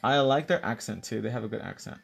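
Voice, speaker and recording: A man's voice: on the low side, fast, creaky, breathy edge. A man hosting a live nail tutorial, explaining each step while bantering playfully with a co-host and viewers and slipping in the odd bit of Spanish.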